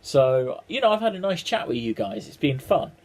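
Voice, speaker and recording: A man's voice: sits high, very animated, moderate pace, vocal fry, a little mellow. A man chatting casually to camera as a vlogger. He rambles wryly, with many ums, restarts and the odd swear word. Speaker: vlogger reacting to a trailer.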